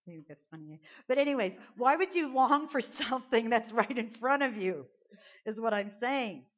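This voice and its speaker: A woman's voice: on the high side, animated, moderate pace. A woman pastor preaching a sermon at a church service, earnest and conversational, often repeating words as she builds a point. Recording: dull lo-fi sound.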